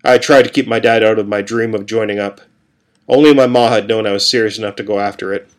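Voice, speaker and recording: A man reading a first-person story aloud in a calm, steady way. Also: lowish voice, quick pace.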